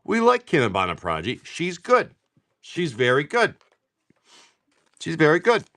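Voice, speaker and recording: A tired man chatting on a live stream as he opens card packs, excitable, swearing and laughing, talking to viewers by name. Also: a little high, measured pace. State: tired from poor sleep. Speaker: livestream card seller. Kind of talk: casual live-stream chat while opening card packs.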